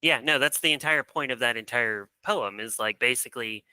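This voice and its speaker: A man chats on a political podcast, eager and quick to jump in. His voice is very bright and sharp, smooth and crisp, and recorded dry and close. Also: medium pitch, no echo. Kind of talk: casual political chat.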